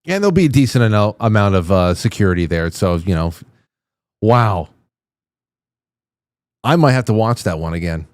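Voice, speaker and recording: A man's voice: fairly low pitch, sing-song, normal speed, pauses often, clean tone, no room sound. A man hosting a show, reacting to clips with amused, wry commentary. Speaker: show host. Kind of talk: casual commentary on video clips.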